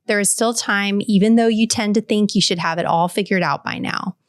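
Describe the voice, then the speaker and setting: A woman in her forties hosts a podcast, reading a heartfelt letter aloud and then reflecting earnestly to the listener. Her mid-range voice is brisk and clean, captured in studio quality with no room sound.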